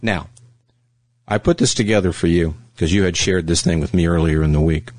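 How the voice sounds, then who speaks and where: A man's voice: low voice, brisk, a little mellow, no echo. A man hosting a casual political talk show, cynical and blunt, swearing freely. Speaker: show host.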